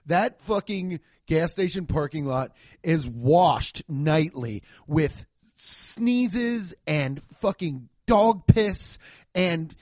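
A man's voice: sits high, a little mellow, dry recording, clean studio sound. A young man giving a profane, exasperated comedic rant reviewing a movie.

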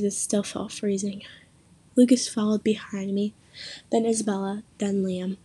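A young woman reading her own spooky story aloud, lifting her voice for the quoted lines and dropping low and soft for the narration. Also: husky. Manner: reads quotes with more pitch and force, narration low and soft.

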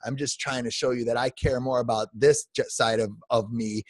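A man's voice: medium pitch, fairly even intonation, moderate pace, no echo. A man in his forties, a podcast guest delivering an emotional, heartfelt rant full of restarts. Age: 40s. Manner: emotional, repetitive restarts, says "man" often.

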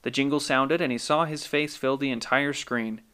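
A man reads a scripted short story for his own podcast. His delivery is calm and measured, at a middling pitch. He sounds like a host settling listeners into a tale. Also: clear, resonant tone.

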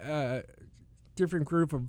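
A man's voice: a little high, moderate pace, dark tone, dry recording. A man casually telling rambling stories about driving passengers, laughing often and acting out what people said. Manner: rambling, laughing, restarts and acted quotes. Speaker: rideshare driver telling stories. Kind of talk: casual podcast chat.

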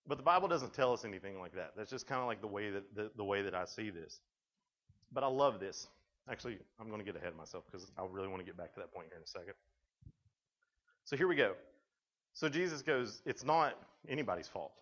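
A man's voice: fairly low pitch, lively intonation, quick pace, fairly bright tone, dull audio. A man giving a casual, joking sermon to a youth group, acting out the voices in the story he tells. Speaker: youth speaker.

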